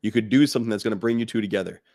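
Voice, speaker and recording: On a dry, clean studio recording, a man with a lowish voice talks very fast while co-hosting a fatherhood podcast. Blunt and animated, he keeps the casual chat going with jokes in mocking quoted voices.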